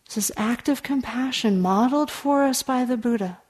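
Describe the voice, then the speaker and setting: A woman's voice: on the high side, moderate pace. Earnest woman giving a dharma talk. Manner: earnest, warm storytelling with soft asides; conversational, with frequent "uh" fillers. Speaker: meditation teacher.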